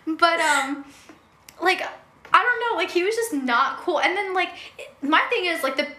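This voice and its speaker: High bright chatty young woman. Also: moderate pace, reverberant. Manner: animated, chatty, laughs often. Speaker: podcast co-host. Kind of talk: casual chat.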